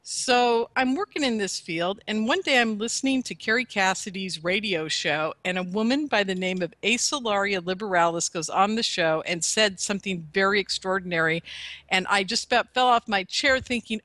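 A woman casually telling a long personal story to a host, animated and chatty, laughing often. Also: mid-range voice, moderate pace, no room sound. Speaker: guest telling her story.

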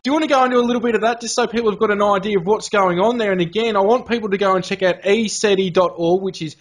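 A man with a notably high speaking voice, hosting a casual interview. He rambles through his stories with easygoing slang. His tone is friendly and unpolished. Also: racing. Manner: rambling storyteller, relaxed slang. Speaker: podcast host.

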